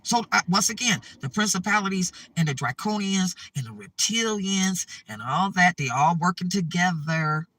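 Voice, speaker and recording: A man's voice: sits high, expressive, normal speed, hardly any pauses, pushed and bright, no echo, distant mic. A man giving a preachy spiritual monologue to his viewers, repeating himself urgently and checking in with "okay?". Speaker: spiritual advice channel host.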